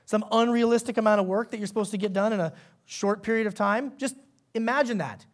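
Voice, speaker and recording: A male pastor preaching a sermon in a conversational, animated way, often turning to ask the congregation questions. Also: sits high, fast.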